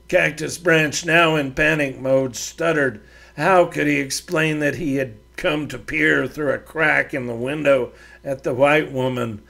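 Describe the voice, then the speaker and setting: Slow gravelly male storyteller. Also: on the high side, fairly even intonation, a bit bright. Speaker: podcast host and author reading his serial. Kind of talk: storybook narration.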